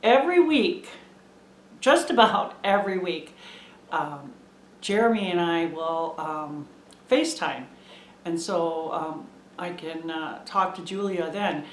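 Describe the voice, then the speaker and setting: Slow-talking woman vlogger, echoey room. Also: sits low, a little hiss or hum. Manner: chatty and meandering, gushing with fond enthusiasm. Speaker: homesteading vlogger. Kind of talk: casual chat to camera.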